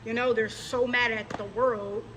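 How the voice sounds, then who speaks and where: A woman with a rather high voice speaks at a measured pace in a steady tone, though the recording is very noisy. As a religious vlogger, she delivers a direct-to-camera rant, scolding and confronting her audience and mocking the people she addresses.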